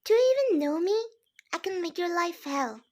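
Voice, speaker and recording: A woman voicing a cruel, scheming middle-aged mother who snaps and shouts. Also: very high-pitched, expressive, normal speed. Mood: cold.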